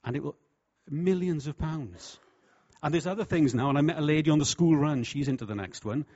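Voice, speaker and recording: A man preaching a sermon with humour, lively and jokey, slipping into voices for quotes. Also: fairly high pitch, a little fast, husky. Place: church hall. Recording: dull, lo-fi sound.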